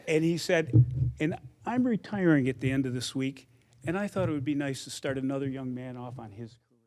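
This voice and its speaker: An older man with a somewhat high voice gives an anecdotal acceptance speech. He talks conversationally and acts out the lines of the people in his stories. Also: a bit bright. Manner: conversational storyteller who acts out quoted dialogue. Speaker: hall of fame inductee.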